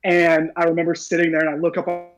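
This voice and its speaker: Man, high voice, casual podcast chat, laughs often, enthusiastic. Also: completely flat delivery, fast talker, soft background music. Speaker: podcast co-host.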